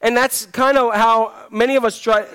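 Pastor, man, middle-aged, high voice, casual joking sermon, church. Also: fairly even intonation, normal speed, fairly bright tone, clear, resonant tone. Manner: conversational, joking with the congregation; moves about handing out fruit while talking. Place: church sanctuary.

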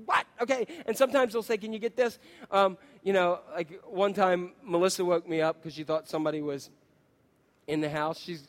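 High-voiced animated preacher man. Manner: animated storytelling, acts out quotes, asks the congregation questions. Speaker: pastor. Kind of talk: sermon.

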